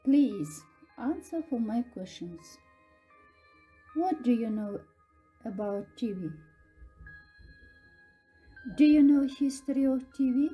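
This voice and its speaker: A woman English teacher, giving slow, careful instructions to her pupils. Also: fairly high pitch, animated, mellow, husky, muffled recording, soft background music. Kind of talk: recorded classroom instruction.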